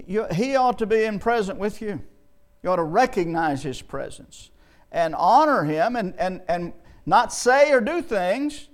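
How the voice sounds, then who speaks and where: A man preaching a sermon in a folksy way, often repeating and restarting words and slowing down to read scripture. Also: high voice.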